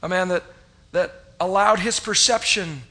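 A middle-aged man preaching a sermon as a pastor, telling stories and acting out his past self with loud, rising cries. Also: high-pitched, moderate pace.

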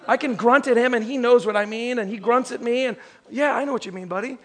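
A pastor with a very high speaking voice gives a Christmas sermon. He starts with a lively joke story, then turns to earnest preaching, slowing down and stressing key phrases.

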